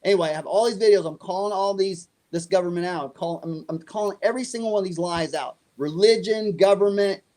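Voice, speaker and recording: A middle-aged man, a guest in an interview, tells a story in a high, brisk voice with hardly any pauses. He's animated and acts out the other voices in the tale.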